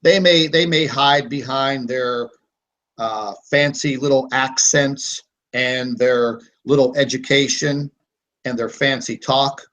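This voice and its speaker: A man's voice: mid-range voice, steady tone, slow, fairly bright tone, muffled recording. A man hosting a live online hangout, talking in a defiant, combative rant with plenty of fillers. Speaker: host of a live online broadcast.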